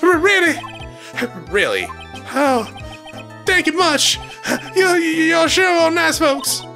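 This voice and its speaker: A man doing a high panicky Southern bumpkin. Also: big pitch swings, takes it slowly, vocal fry, pushed and bright, soft background music, exaggerated voice. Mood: grateful. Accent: put-on Southern US. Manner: high, pleading, stammering. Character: panicked male country bumpkin pleading for help.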